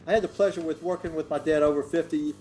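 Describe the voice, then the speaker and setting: A man's voice: a little high, steady tone, fast talker, dark tone, soft background music. Folksy older man storyteller. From Memphis, Tennessee. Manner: folksy, chatty, many fillers and restarts. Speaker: guest clothier. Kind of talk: casual storytelling interview.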